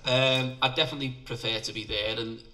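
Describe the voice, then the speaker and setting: Liverpool filmmaker guest, middle-aged man, blunt and chatty, very bright tone, mic set back. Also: mid-range voice, fairly even intonation, fast. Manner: chatty, blunt, laughs at himself. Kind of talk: casual interview. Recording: distant mic.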